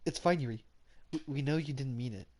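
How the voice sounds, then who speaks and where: A man reading the lines of a gentle, soft-spoken teenage girl club president in a dating game, in a mild, apologetic way. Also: mid-range voice, fairly quick, close to an everyday voice.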